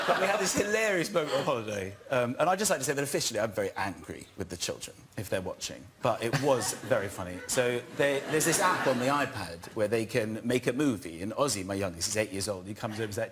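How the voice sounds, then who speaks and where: A man's voice: mid-range voice, expressive, quick pace. A man in his forties, a chat-show guest, laughing as he tells a story and acting out his kids' voices. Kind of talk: casual chat show anecdote. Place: TV studio with audience. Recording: loud studio audience and noise.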